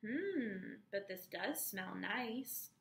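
A woman reading aloud puts on the voice of a kindly, curious woman hostess who exclaims politely and brightly over her guest's gift. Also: medium pitch, animated, very slow, vocal fry, reverberant, heavily acted. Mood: gracious.

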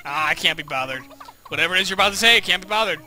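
A man's voice: high voice, animated, very fast, pushed and bright, faint music behind, pitched below the performer's own voice, exaggerated voice. A man doing a lazy, sleepy slacker. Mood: bored. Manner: drawling, bored. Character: lazy sleepy man who can't be bothered.

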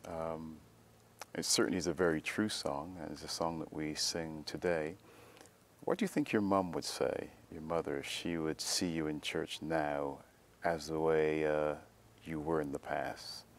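A man conducts a church interview. His voice is extremely deep and he speaks slowly. He asks his questions in a calm, measured way. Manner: calm, measured, many soft affirmations.

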